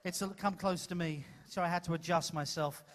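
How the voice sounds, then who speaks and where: On a ship's stage, a male entertainer runs a comedy show built on audience participation, handheld mic in hand, playing it theatrical, teasing and self-deprecating. His steady voice is on the high side, brisk and fairly bright.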